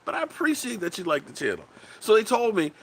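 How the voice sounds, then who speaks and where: A man's voice: sits high, wildly swooping pitch, fast. A man hosting a casual sports livestream, rambling loosely, reading viewer comments aloud and swearing bluntly. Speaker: sports channel host.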